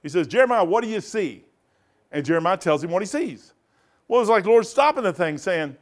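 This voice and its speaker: A man teaching a Bible study in a rambling sermon style, animated, often laughing and digressing, with sudden loud bursts. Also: high voice, brisk.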